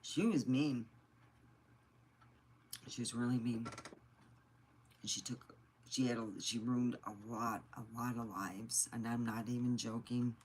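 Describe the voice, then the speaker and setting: A woman's voice: a bass voice, fairly even intonation, a little slow, long pauses, a little mellow, slight background noise. A middle-aged woman from the United States telling personal stories in a blunt, chatty way and swearing freely. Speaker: vlogger. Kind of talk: casual storytelling.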